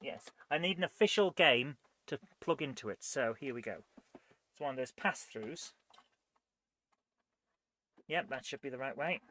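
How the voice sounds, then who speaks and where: A man's voice: mid-range voice, lively intonation, unhurried, pauses often, bright, forceful tone. A man hosting a live retro gaming stream, chatting in a rambling way and thinking aloud as he goes. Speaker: host.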